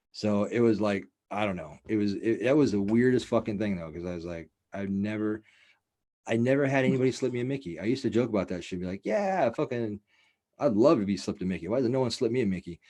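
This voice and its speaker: A man hosting a casual podcast, telling a wild story in a profane, rambling, animated way. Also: lowish voice. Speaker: podcast host.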